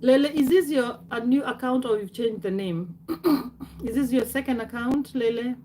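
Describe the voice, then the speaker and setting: A middle-aged woman hosting a casual live stream, chatting loosely and calling out viewers by name, with frequent laughs and throat clearing. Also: on the high side, moderate pace, dark tone, slight background noise.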